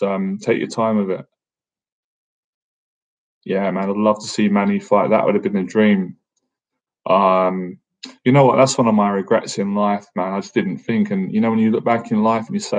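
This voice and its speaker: A chatty, joking man in his thirties fields questions from his chat in a casual live-stream Q&A. His voice sits on the low side, and he keeps calling his viewers "man". The audio is dull and lo-fi, like a basic streaming setup. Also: a little mellow. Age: 30s. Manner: chatty and jokey, peppers sentences with "man". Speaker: boxing coach and livestream host.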